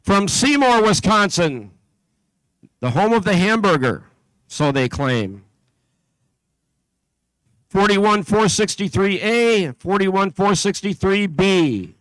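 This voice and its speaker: A man with a notably high voice reads out team after team at an event venue, working through a list at a steady pace with small slips and asides along the way. His voice sounds dry, with hardly any room around it. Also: slow pace, long pauses, no echo, poor audio. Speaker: event announcer. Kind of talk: announcing teams at a competition.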